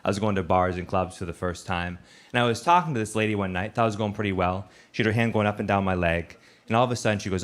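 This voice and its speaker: A man doing stand-up comedy on a stage, telling stories in a deadpan, conversational way. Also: lowish voice, fast. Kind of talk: stand-up storytelling. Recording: loud background noise.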